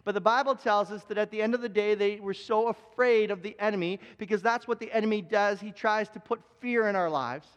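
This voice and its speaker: A man's voice: sits high, a little fast, hardly any pauses, highs cut off. A male pastor preaching a live sermon, earnest, repeating key phrases for emphasis and often restarting his sentences. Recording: long reverb of a large hall.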